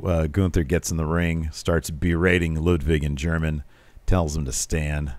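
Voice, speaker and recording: Low-voiced guy running through a wrestling show recap, dry close mic, gets animated doing the quotes. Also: unhurried, no echo. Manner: animated, mimics quoted wrestlers with pitch jumps. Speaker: podcast co-host.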